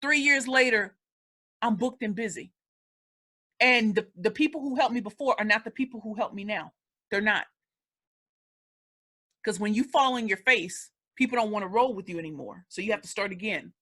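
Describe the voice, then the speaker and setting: A woman's voice: mid-range voice, normal speed, long pauses, sharp tone. A woman in her forties from the St. Louis area, telling her life story as an emotional, emphatic interview guest. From St. Louis area, United States. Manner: emphatic and emotional, with many repeats. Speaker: guest, speaker.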